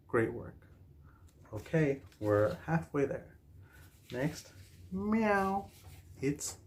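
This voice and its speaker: Slow, encouraging man teaching preschoolers. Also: medium pitch. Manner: encouraging, repeats words for children to echo. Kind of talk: children's language lesson.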